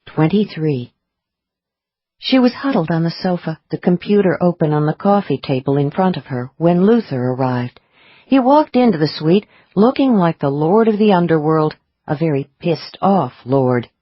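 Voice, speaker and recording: A woman reading audiobook narration in a measured, expressive way. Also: low-pitched, no echo, muffled recording.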